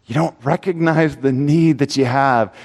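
A man preaching a sermon in an earnest voice, swinging between loud pleading and hushed, low asides. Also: a little slow, big-room sound.

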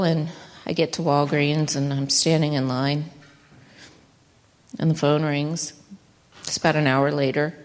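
Middle-aged woman, lowish gravelly voice, heartfelt testimony that climbs high when moved, hall reverb. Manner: emotional, voice rising high and breaking when moved. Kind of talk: personal testimony.

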